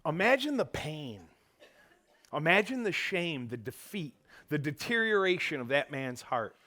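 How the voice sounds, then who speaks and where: A man preaching a sermon in a church, animated, acting out quotes and swinging from loud bursts to hushed tones. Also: on the high side, unhurried. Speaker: pastor. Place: church auditorium.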